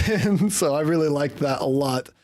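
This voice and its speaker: A man's voice: fairly high pitch, measured pace, a little mellow. A man co-hosting a casual podcast, rambling through his thoughts and chuckling often as he chats with friends. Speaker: podcast co-host. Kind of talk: casual chat about comics.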